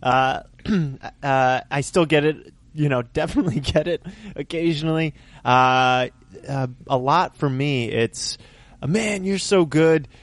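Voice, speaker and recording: A man's voice: mid-range voice, measured pace, dry recording. A man co-hosting a casual podcast, talking in an easy way with many fillers as he reads out the show plugs. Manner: relaxed, filler-heavy, does the show plugs. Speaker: podcast co-host, magician. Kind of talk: casual chat.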